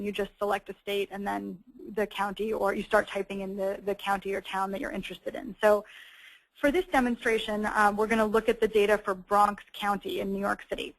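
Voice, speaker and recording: A young woman presents a webinar, talking her audience through a website step by step. Her voice sits at an ordinary middle pitch, and she explains in a friendly, easygoing way, dropping in plenty of ums and uhs along the way. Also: flat delivery, a little fast, low-quality recording. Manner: explanatory, friendly, with frequent um and uh fillers. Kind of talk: presenting a webinar with a screen walkthrough.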